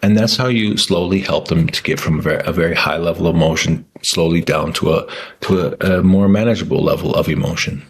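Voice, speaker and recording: A man's voice: low voice, brisk, husky. A man talking casually to camera in a rambling way, with many restarts and fillers. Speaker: vlogger.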